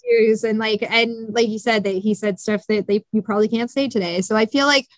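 A woman's voice: on the high side, fairly even intonation, fairly quick, dry recording. A woman hosting a podcast in casual chat, talking things through with frequent restarts. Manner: chatty, thinks aloud with many restarts. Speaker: podcast host.

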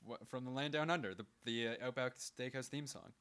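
A Canadian man trades dry, deadpan jokes in a relaxed podcast conversation. His mid-pitched voice has a bright, forceful ring, and he states absurd things matter-of-factly. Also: a little fast, clear, resonant tone. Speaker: podcast co-host. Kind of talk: casual comedic chat.

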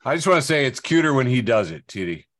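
A man's voice: mid-range voice, big pitch swings, quick pace, a bit bright, no room sound, clean studio sound. A man co-hosting a comedy podcast, reacting to jokes with short comments. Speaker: podcast co-host. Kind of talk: casual podcast banter.

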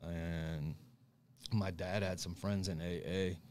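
Deep-voiced man telling a raw story. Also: steady tone, slow pace, darkish tone, slight background noise. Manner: blunt, candid storytelling with frequent "right?" and "um". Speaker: guest. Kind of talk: recovery story in casual conversation.

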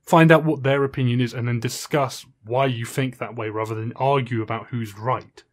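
A man's voice: medium pitch, moderate pace. Earnest man making his case on a podcast. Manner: earnest, steady, lays out an argument. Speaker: podcast co-host. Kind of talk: casual chat.

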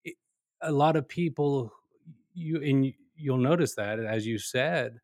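A man hosting a casual podcast interview, friendly and often pausing to search for words. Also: medium pitch, darkish tone, no room sound, clean studio sound. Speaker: podcast host.

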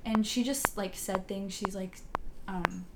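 Woman podcast guest, mid-range voice, soft and hesitant, restarts a lot; noisy recording with clicks. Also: mid-range voice, fairly even intonation. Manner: halting, many fillers and restarts. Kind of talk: casual personal storytelling. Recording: loud background noise with clicks.

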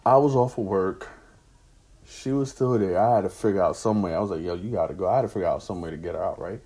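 A man's voice: lowish voice, quick pace, warm tone, husky. A man casually telling a personal anecdote in slangy, profane street talk. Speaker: storyteller.

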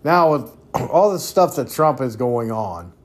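A man's voice: mid-range voice, big pitch swings, unhurried. Blunt, foul-mouthed man ranting. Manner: blunt, heavy swearing, repeats himself. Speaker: podcast host. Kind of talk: profane political rant.

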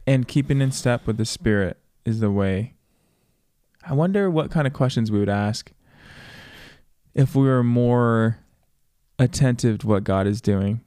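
Male co-host, measured and thoughtful, dry close-mic sound. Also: medium pitch, dark tone, no echo. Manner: thoughtful, affirming listener who offers quotes. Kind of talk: casual faith podcast chat.

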